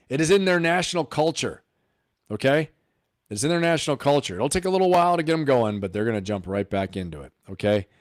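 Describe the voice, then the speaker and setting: A man's voice: mid-range voice, dry recording, clean studio sound. A man hosting a live stream of political commentary, emphatic and riffing, firing off rhetorical questions.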